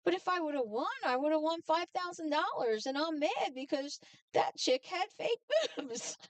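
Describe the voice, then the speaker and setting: A woman's voice: sits high, animated, moderate pace, no echo, distant mic, pitched above the performer's own voice. A woman voicing her vain, brash biker-babe sister, blunt and boastful. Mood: indignant. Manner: blunt, boastful, self-absorbed.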